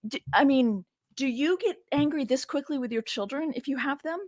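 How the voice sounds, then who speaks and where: A woman's voice: sits high, animated, moderate pace, darkish tone, no room sound, studio quality. A woman scholar reading scripture aloud and commenting in a chatty, digressive way, with frank asides and rhetorical questions to her listeners. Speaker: biblical scholar and teacher.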